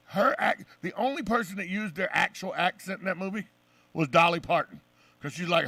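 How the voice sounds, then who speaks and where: A man hosting a casual radio talk show, an opinionated and animated storyteller. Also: high-pitched, fairly quick, vocal fry, dry recording, far from the mic.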